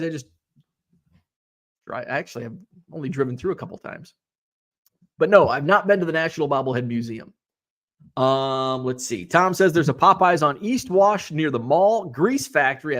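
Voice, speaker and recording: A middle-aged man hosting a casual live stream, reading viewer comments aloud and chatting back. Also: mid-range voice. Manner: chatty, animated, reads comments aloud and reacts. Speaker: host.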